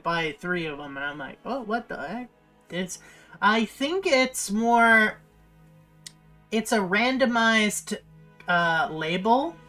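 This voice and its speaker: A woman's voice: medium pitch, a bit bright. A young woman chatting casually while she livestreams, rambling with lots of fillers and restarts. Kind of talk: casual chat while streaming.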